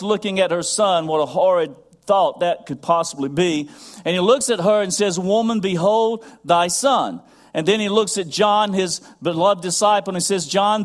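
A man delivering a sermon in a fairly high voice. He preaches earnestly, repeating phrases and rising in intensity as he goes. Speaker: pastor.

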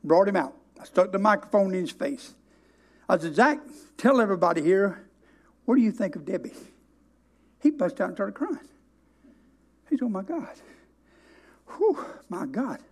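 A preacher, a man whose voice sits notably high for a man. He tells a story from the pulpit with emphatic delivery, stretching certain words out slowly for weight. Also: very animated. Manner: storytelling, emphatic, with dramatic slow stresses. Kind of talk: sermon.

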